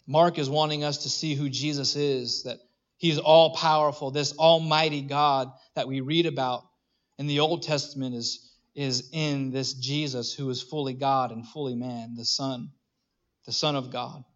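A man preaching a sermon, animated and conversational, acting out little voices and restarting his phrases. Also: medium pitch, unhurried, highs cut off. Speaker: pastor.

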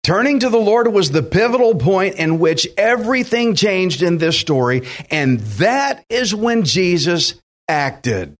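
A man's voice: sits high, big pitch swings, a little slow. A man preaching a sermon, emphatic and direct, acting out quotes and speaking to listeners as friends. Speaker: pastor.

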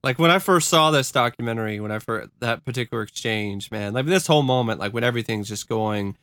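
A man's voice: mid-range voice, fast, fairly bright tone, no echo. Earnest man in casual chat. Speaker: podcast co-host.

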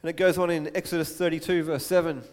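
A man's voice: on the high side, little pitch movement, fast, a little mellow. Man preaching in a reverberant hall. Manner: conversational, with restarts and asides, acting out quotes. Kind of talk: sermon.

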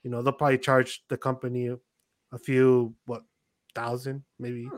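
A young man telling a story on his podcast, acting out what everyone said. His voice sits at an average pitch for a man, and it is recorded close and dry with no room sound. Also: moderate pace, no room sound. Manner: animated storyteller, quotes himself and others. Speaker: podcast host. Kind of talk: casual chat.

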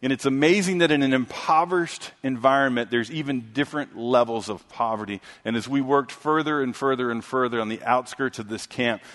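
A man preaching a sermon, telling a story and swinging from loud, emphatic lines to hushed ones. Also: mid-range voice, a little fast, few pauses. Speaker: pastor. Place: church sanctuary. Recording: long hall reverb.

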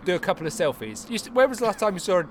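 A man's voice: high-pitched, sing-song, very fast, slight background noise. A man co-hosting a podcast, chatting casually with playful, wry humour. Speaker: podcast co-host. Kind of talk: casual comedic chat.

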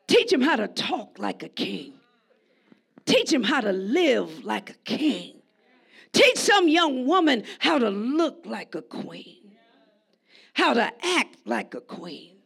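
In a high voice with a gravelly edge, a woman preaches to her congregation as if chatting with a friend, then builds into emphatic shouts.

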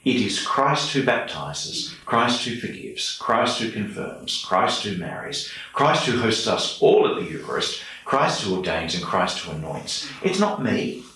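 A man's voice: lowish voice, big pitch swings, a little slow, hardly any pauses, sharp tone. An Australian man, a priest, earnestly telling stories and reflecting during an interview. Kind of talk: storytelling in an interview. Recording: echoey room, mic far off.

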